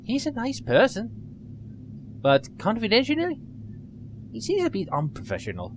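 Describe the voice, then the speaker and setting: A man's voice: very high voice, huge pitch swings, normal speed, slight background noise, pitched above the performer's own voice, heavily acted, rough recording. A man voicing a nerdy young female starship pilot in a video game playthrough, prim, formal and earnest.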